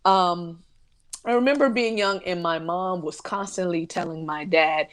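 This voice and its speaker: A woman's voice: lowish voice, a little slow. Earnest woman moderating a podcast panel. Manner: earnest, asks long questions. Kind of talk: casual panel discussion.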